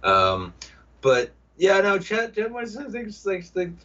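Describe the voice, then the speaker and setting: Male podcast co-host, husky voice with lively pitch, casual and teasing; distant mic, dull lo-fi sound. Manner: joking, teasing, quick voice switches for quoted bits. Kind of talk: casual live-stream banter.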